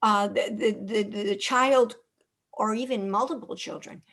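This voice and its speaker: A woman hosting an interview who asks long, halting questions with many restarts. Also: medium pitch, fairly even intonation, a bit bright. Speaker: host, interviewer.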